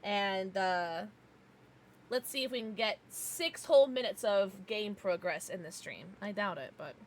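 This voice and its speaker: A young Southern US woman streams a game and gives live commentary at a measured pace in a medium-pitched voice. She's chatty and giggly with her viewers, now and then trying out silly accents.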